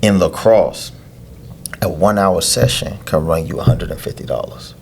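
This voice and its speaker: A man, a youth lacrosse coach, explaining things in a casual interview with drawn-out hesitations. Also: sits low, vocal fry, a little mellow, a little hiss or hum. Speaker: head coach of a youth lacrosse team, podcast guest.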